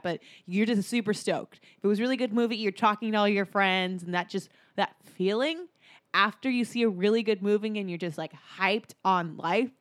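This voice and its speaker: Excitable woman podcast co-host. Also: medium pitch. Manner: animated and excitable. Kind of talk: casual group chat. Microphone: recording seated, moving about.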